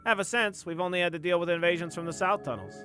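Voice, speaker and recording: A man voicing a cheeky, sarcastic male goblin with a raised, lively voice. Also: high-pitched. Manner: sarcastic, quick.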